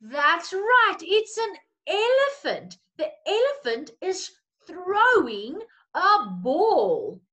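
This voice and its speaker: A woman's voice: extremely high pitch, very animated, drawn-out words, sharp tone. A woman teacher, reading a picture story to young children in a playful, coaxing way.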